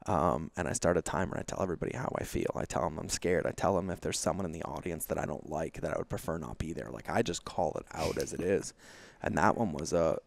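A podcast guest talks candidly in a fast, gravelly bass voice. He is emphatic and confessional, peppering his storytelling with "like" and acting out quotes.

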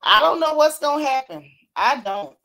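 Animated woman chatting with fans. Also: sits high, moderate pace. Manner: animated, laughing, Southern-style slang. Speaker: host. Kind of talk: casual chat reading a live chat.

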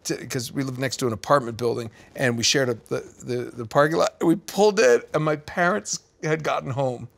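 A middle-aged man co-hosting a casual video game chat, telling an animated story and acting out the people in it. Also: medium pitch, brisk, creaky, hardly any pauses. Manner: animated storyteller who acts out the people in his stories. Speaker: co-host.

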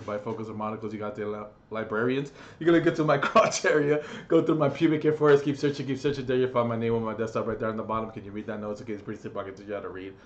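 A man talking to his camera in a casual, rambling vlog monologue, joking and swearing, swinging between loud bursts and hushed asides. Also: mid-range voice, dull audio, slight background noise. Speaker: vlogger.

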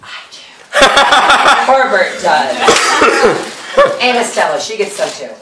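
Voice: medium pitch, big pitch swings, takes it slowly. A young cast member giving a sarcastic, giggling retelling of a play at a party, recorded on a phone or camera across the room. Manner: sarcastic, giggly, mocking quotes. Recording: echoey room, far mic, loud noise.

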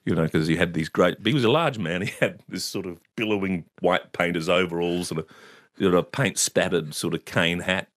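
A man with an Australian accent, a guest telling stories in an interview with lively, laughing delivery. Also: sits low, moderate pace, no room sound, studio quality. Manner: animated anecdote-telling with laughs. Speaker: actor and author guest. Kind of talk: storytelling interview.

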